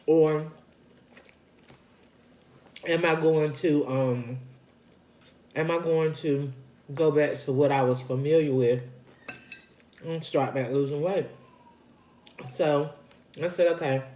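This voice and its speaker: Slow-talking woman chatting in an echoey room. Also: deep voice, steady tone, dark tone. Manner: chatty and folksy, circles back and repeats points; talks between bites of food. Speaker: vlogger sharing her weight-loss journey. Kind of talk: casual chat while eating on camera.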